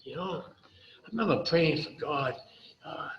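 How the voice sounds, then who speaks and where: Older man, high and bright, animated storytelling testimony, roomy slightly dull hall sound. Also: a little slow, a little hiss or hum. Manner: animated storytelling, constant "you know" and "right". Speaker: recovery meeting speaker. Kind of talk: personal testimony talk.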